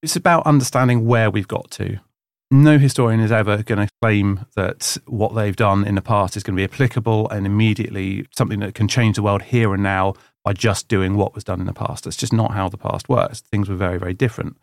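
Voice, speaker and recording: A man's voice: lowish voice, steady tone, fairly quick, gravelly, no room sound, studio quality. A man who lectures in history, answering interview questions in a thoughtful, explanatory way.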